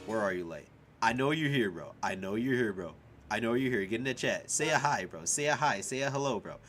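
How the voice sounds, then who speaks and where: A young male streamer talking casually and swearing freely, with a bright, forceful voice that leaps up and down in pitch. He laughs often and yells at his chat. Faint music plays behind him. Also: brisk. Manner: excitable and profane, laughs often and shouts at chat.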